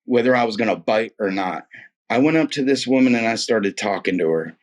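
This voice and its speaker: Speaking briskly in a lowish voice with lively intonation, a man shares his faith testimony as casual, emphatic storytelling. He's slangy, repeats words, and calls the listener "man" and "dude."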